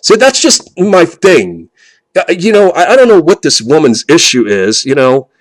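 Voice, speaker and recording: A man's voice: a little high, very animated, moderate pace, no echo. A man vlogging in a casual, rambling way, full of fillers and restarts and growing indignant as he talks.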